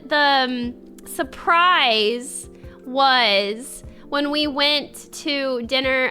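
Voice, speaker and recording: Young female streamer, casual chat and giggly storytelling, a bright voice with faint music behind it. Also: high-pitched. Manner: reads chat and thanks viewers.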